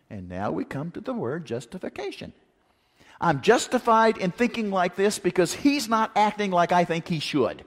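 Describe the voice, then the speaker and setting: Lively male preacher in a reverberant hall. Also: high voice, normal speed. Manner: animated, acts out quotes, rhetorical questions. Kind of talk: sermon. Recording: long reverb of a large hall.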